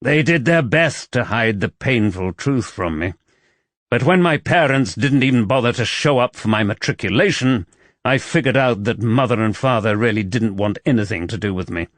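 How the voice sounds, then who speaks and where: A man's voice: medium pitch, animated, normal speed, no room sound, lightly acted. A man voicing a wounded, guarded young aristocrat in an audiobook, speaking with clipped, wry bitterness. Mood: bitter. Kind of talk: audiobook character voice.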